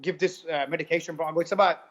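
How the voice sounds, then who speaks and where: A guest giving a testimonial tells his personal story quickly and animatedly in a high, steady-toned voice, retelling dialogue over and over with "I go." The lo-fi recording sounds dull and muffled.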